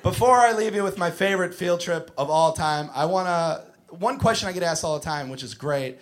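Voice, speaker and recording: A high-voiced man performing stand-up comedy. He tells a long story in a lively way and raises his voice to a shout at the punchlines. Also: a little fast, slight background noise. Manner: animated, builds to shouting punchlines.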